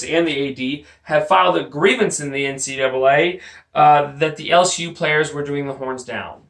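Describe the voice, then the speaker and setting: On his sports podcast, a Texas man delivers a crude, opinionated rant that mocks the people he's talking about. His voice runs on the high side with some brightness, and the home mic sounds distant and roomy.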